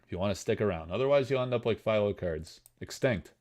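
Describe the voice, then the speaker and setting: A man's voice: lowish voice, expressive, fast talker, a little mellow. A man hosting a casual livestream, joking and rambling while he reads chat comments aloud. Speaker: livestream host selling card breaks.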